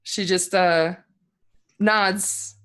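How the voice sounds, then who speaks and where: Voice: medium pitch, steady tone, extremely slow, a bit bright, clear, resonant tone. A game master narrating a tabletop game scene, with many fillers and restarts. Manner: hesitant, filler-heavy narration.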